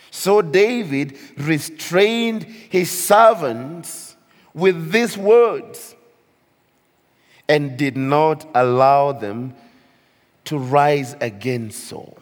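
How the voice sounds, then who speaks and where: Slow, lively preaching man in a hall. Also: fairly high pitch. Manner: slow, lively preaching with laughs and rhetorical questions. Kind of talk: sermon. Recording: reverberant hall.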